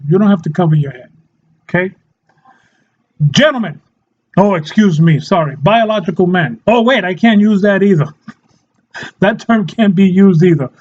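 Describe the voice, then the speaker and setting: A man's voice: high voice, darkish tone, highs cut off. A man delivering a mock-serious satirical monologue in a sarcastic tone, often laughing and acting out short quoted voices. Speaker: satirical commentator.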